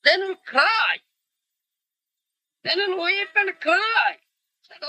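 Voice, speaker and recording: A man's voice: extremely high pitch, big pitch swings, slow pace, pauses often, bright, forceful tone, no echo, low-quality recording. A man giving a devotional lecture, emphatic and forever checking in with his listeners. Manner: emphatic, keeps checking in with "you understand?" and "huh?". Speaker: spiritual teacher. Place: lecture hall in India.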